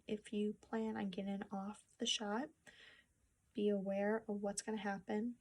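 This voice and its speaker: A young woman talking to her phone camera in a personal vlog, soft-spoken and halting, with restarts and sad pauses. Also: mid-range voice, level tone. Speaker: vlogger. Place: home room with a treadmill.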